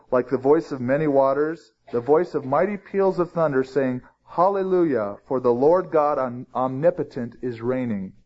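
A pastor, his voice a little high and a little mellow, teaches through a Bible passage conversationally, stressing key phrases with rising emphasis. The sermon recording is dull and lo-fi.

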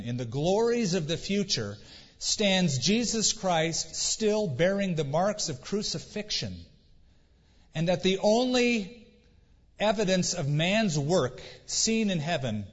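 Earnest male pastor preaching in a church. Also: on the high side. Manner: earnest preaching with dramatic pauses and rhetorical questions. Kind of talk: sermon. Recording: dull recording with long church reverb.

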